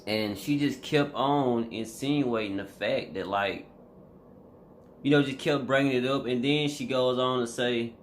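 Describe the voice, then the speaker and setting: A man's voice: medium pitch, a little slow, slight background noise. A man vlogging a casual reaction commentary, emphatic and slangy, talking straight to his viewers.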